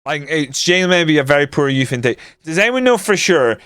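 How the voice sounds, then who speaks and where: A man's voice: on the high side, very animated, quick pace, fairly bright tone, clear, resonant tone, no echo. A young man streaming a football management game, grumbling and swearing casually as he comments on his matches. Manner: frustrated, grumbling, swears often.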